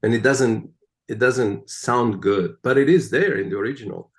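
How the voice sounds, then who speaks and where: A man being interviewed, explaining at length in an animated, emphatic way and often checking in with "right?". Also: medium pitch, normal speed. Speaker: guest, translator of the Psalms. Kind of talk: conversational interview.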